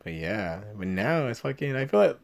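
A man's voice: medium pitch, sing-song, normal speed, gravelly, darkish tone. A young man hosting a podcast, telling rambling stories full of swearing in casual chat. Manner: profane, rambling storyteller. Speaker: podcast host. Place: Los Angeles area podcast room.

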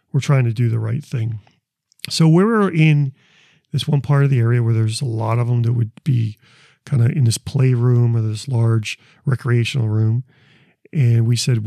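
A man's voice: mid-range voice, creaky, dark tone, no room sound, studio quality. A man who investigates the paranormal, talking casually through his recordings, rambling and repeating words as he restarts his sentences. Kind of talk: casual explanatory talk.

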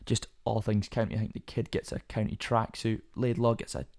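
Low gravelly young man. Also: level tone, a little fast, a little mellow. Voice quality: voice cracks at times. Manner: rambling, self-deprecating, many fillers and restarts. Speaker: podcast host. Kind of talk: casual solo podcast monologue.

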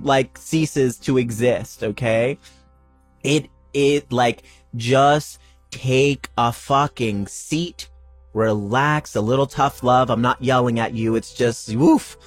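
A man hosting a spiritual podcast, talking casually and emphatically, repeating phrases and swearing freely. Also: medium pitch. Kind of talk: casual spiritual pep talk.

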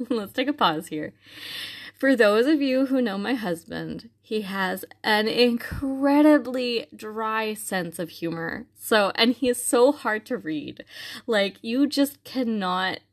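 A woman's voice: fairly high pitch, expressive, slow. A young woman telling a personal faith story in a casual, earnest way, with many fillers and restarts. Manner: earnest and reflective.

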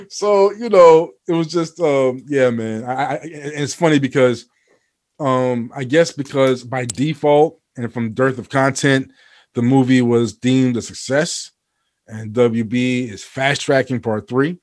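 A man co-hosting a casual podcast chat, rambling with many fillers and restarts, and getting animated and profane when worked up. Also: medium pitch, a little slow. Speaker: podcast co-host.

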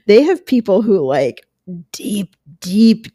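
A woman's voice: mid-range voice, very animated, extremely slow, mellow, husky, dry recording. A woman hosts her own podcast from home, thinking aloud in a loose, chatty way. Her voice sits in the middle range and comes through close and dry on the mic. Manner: conversational, talks through ideas with asides and quoted voices. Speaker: podcast host. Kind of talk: casual solo commentary. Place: room at home. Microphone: headphones and close mic at home. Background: dog lapping water.

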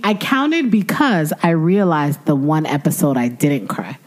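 A woman co-hosting a casual podcast, with a voice on the lower side. She is animated, laughs easily, and gushes with enthusiasm. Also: unhurried. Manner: animated, laughs often, gushes about favorite shows. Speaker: podcast co-host. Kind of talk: casual chat.

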